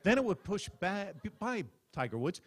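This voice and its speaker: Man doing stand-up on stage, fairly high voice, theatrical storyteller. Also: moderate pace. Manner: animated, mock-dramatic storytelling. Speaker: comedian at a press club roast. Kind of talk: stand-up comedy. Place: stage before a live audience.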